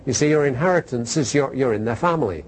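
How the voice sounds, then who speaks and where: A man's voice: mid-range voice, expressive, fast talker, a little hiss or hum, poor audio. A man preaching a sermon to a congregation in a conversational way, asking rhetorical questions and telling stories. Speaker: pastor.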